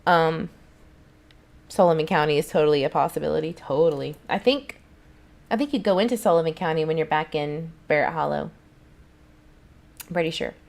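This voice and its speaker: A woman's voice: low-pitched, moderate pace, vocal fry, pauses often, darkish tone. A woman, hosting a casual livestream and chatting back to viewers' comments in a rambling way. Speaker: channel host.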